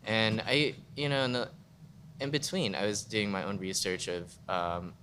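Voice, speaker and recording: Man, panel guest, casual rambling talk, lots of fillers, forceful bright tone, faint room ambience. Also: fairly low pitch, fairly even intonation, moderate pace, slight background noise. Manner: rambling, heavy with "like" fillers, frank and swearing. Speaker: guest photographer. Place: museum event space.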